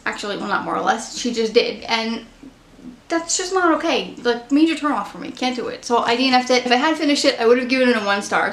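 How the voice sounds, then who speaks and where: A woman's voice: a little high, a bit bright, roomy sound. A woman casually chatting through her monthly book reviews, candid and opinionated. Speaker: book vlogger.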